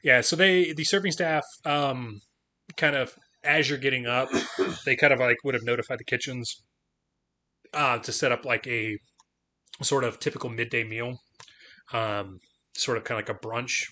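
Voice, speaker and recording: A man's voice: mid-range voice, fairly even intonation, normal speed, long pauses, sharp tone. A man narrating as game master of a tabletop game, rambling with many fillers.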